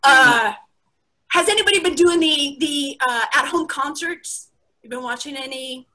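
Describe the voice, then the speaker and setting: A young woman from the United States doing a chatty, self-mocking stand-up set over a video call. She acts out the friends she quotes in high, excited voices. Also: unhurried, low-quality recording. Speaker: stand-up comic.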